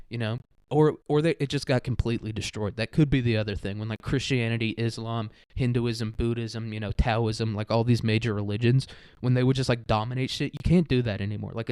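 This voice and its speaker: A man's voice: medium pitch, darkish tone, clear, resonant tone, no room sound. A man from the United States hosting a podcast, rambling in a casual comedic monologue, swearing constantly and laughing often. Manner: profane, laughing often, slangy. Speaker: podcast host.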